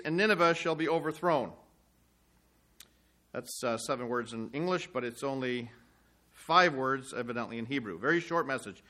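A man's voice: mid-range voice, sharp tone. A man preaching a sermon, reading scripture aloud with rising emphasis and explaining it in plain asides.

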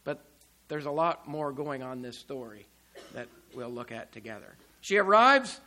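A man preaching a sermon, emphatic, with rhetorical questions and swings between loud and quiet. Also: medium pitch, big pitch swings, moderate pace. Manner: emphatic, rising and falling loudness, rhetorical questions.

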